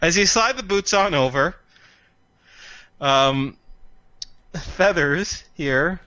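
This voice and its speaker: A man narrating as game master, rambling with frequent pauses and fillers. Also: on the high side, sharp tone, dry recording. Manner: rambling, halting with fillers, laughing at himself.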